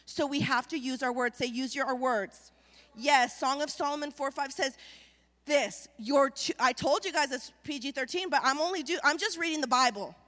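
A woman pastor delivers an animated sermon and keeps calling the congregation to respond. Her voice sits high and carries a long reverb from a large church sanctuary. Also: normal speed. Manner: animated preaching with call-and-response.

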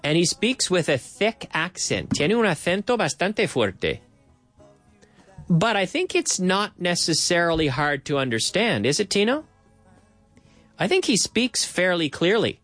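A man hosting a casual English lesson, explaining slowly, repeating phrases and adding Spanish translations. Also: high-pitched, very animated, fairly bright tone, no echo, faint music behind. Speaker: English teacher host.

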